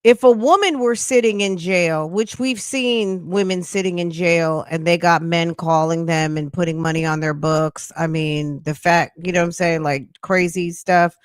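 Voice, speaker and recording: A woman's voice: fairly low pitch, moderate pace, hardly any pauses, clear, resonant tone, no echo, clean studio sound. A woman hosting a reaction stream, giving blunt, slangy, scolding commentary in a casual way. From United States. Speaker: commentary host.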